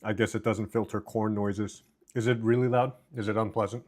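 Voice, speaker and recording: A man's voice: fairly low pitch, fairly even intonation, a little fast, a little mellow. Chatty man streaming while he eats. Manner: chatty, reading chat aloud while eating. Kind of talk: casual live-stream chat. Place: home, indoors. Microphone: desk mic with noise cancellation.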